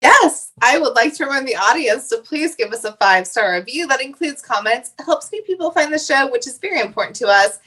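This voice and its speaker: A woman's voice: sits high, expressive, a little fast, hardly any pauses, pushed and bright, breathy edge, low-quality recording. A woman co-hosting a casual podcast roundtable, telling stories animatedly and swearing freely. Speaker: podcast co-host.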